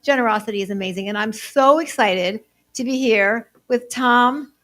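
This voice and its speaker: A woman co-hosting a live conference, bubbly and excited as she addresses the room. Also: fairly high pitch, moderate pace. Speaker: co-host. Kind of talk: live event emcee talk.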